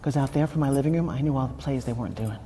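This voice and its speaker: A woman coaching a participant live, blunt and profane, pushing hard and often shouting. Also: a bass voice, rapid-fire. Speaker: transformational coach. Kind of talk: confrontational live coaching session. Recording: echoey hall with faint noise.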